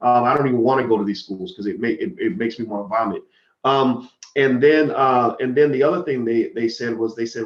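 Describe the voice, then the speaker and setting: A man's voice: medium pitch, fairly quick, reverberant, dull audio. A man giving a blunt, profane, heated monologue on a livestream. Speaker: commentator.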